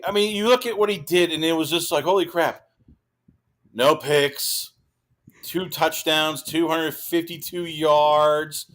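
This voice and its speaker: A man guesting on a sports podcast, talking in an animated, exclaiming way and breaking into mocking impressions. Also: a little high, a little slow. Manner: animated, exclaiming, mimics others. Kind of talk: casual sports talk.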